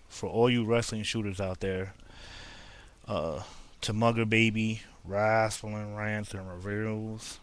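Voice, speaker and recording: A young man casually reviewing a wrestling show for his video channel, rambling with lots of fillers. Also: on the low side. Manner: rambling, laid-back, filler-heavy. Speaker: wrestling vlogger.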